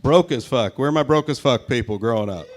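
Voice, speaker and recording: A brash young man tears through a stand-up set, swearing freely and firing jokes at the crowd. He is from the Pacific Northwest, and his voice sits at an ordinary middle pitch. He works a live room in a brewery. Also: a little fast. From Pacific Northwest, USA. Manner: crude, brash, profane, punchy delivery. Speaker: stand-up comedian.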